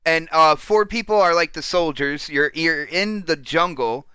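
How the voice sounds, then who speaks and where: A man hosts a loose panel chat with a bright, clean tone that sits a bit high for a man. He sounds excitable and teasing, leaning on dude and man. The sound is dry and close. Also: measured pace, clean tone, no room sound. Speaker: podcast host.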